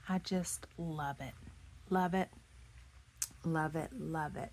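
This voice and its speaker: A woman, hoarse from losing her voice, chatting casually as she shows off handmade craft pieces, gushing and often dropping into soft half-whispers. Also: deep voice, fairly even intonation, slow pace, pauses often, slight background noise. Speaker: craft vlogger. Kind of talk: casual show-and-tell chat.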